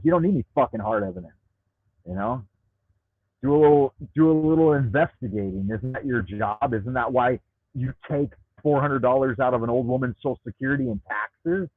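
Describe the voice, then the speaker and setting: A man hosts a livestream and rants at length, swearing freely and stumbling over repeated words when he gets heated. His voice is husky and sits at an ordinary pitch. It comes through a Bluetooth headset, tinny and bone-dry, like a phone line. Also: a little fast, no room sound. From United States. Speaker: livestream host reading chat. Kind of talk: ranting live chat.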